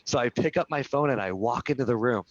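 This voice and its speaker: Talking fast in a mid-range voice, a real estate brokerage executive shares an earnest personal story as a guest on a live video call, frequently tossing in "right?". The sound is dull, dry and lo-fi, with no echo.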